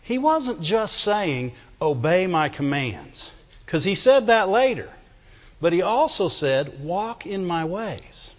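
A middle-aged male pastor preaching a sermon, animated and joking, often asking the congregation for amens. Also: sits high, slow pace. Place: church. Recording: dull sound with long hall reverb.

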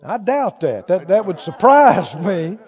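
A man's voice: high voice, very animated, measured pace, a little mellow, slightly rough. A man preaching a sermon with emphasis, asking the crowd for replies. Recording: dull lo-fi sound in a reverberant hall.

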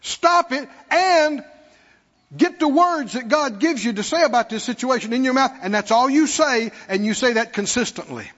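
A man's voice: very high voice, expressive, normal speed, a bit bright. A man preaching a sermon who calls out to the congregation and mockingly acts out worried believers. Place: church sanctuary. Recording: dull lo-fi recording with long hall reverb.

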